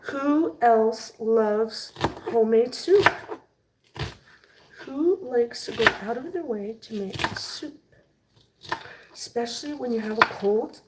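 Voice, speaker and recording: A woman's voice: fairly high pitch, slow, pauses often, very noisy. A woman chatting and joking with her viewers while she cooks in her kitchen. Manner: chatty, jokey, talks to viewers while cooking. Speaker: vlogger cooking on camera. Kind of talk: chatty cooking vlog.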